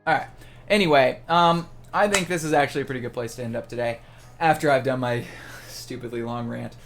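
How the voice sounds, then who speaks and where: A man's voice: mid-range voice, a little fast, fairly bright tone, faint music behind. A young man streaming live, talking casually while ranting in an exasperated way and often breaking off and restarting his sentences. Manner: ranting, exasperated, self-interrupting.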